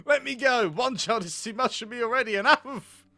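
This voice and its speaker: A man's voice: high voice, animated, moderate pace, pushed and bright, dry recording. A man voicing a weary, harried mother of a newborn in a narrative game, snapping and exasperated.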